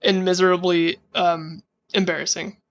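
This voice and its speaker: A man's voice: high voice, level tone, normal speed, fairly bright tone, highs cut off. A man co-hosting a podcast, joking crudely and making mock announcements to the audience. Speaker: podcast co-host. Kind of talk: casual chat.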